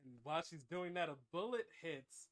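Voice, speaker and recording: A man hosting a show, improvising a comic story with dramatic narration and an animated delivery. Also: a little high, normal speed. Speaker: host.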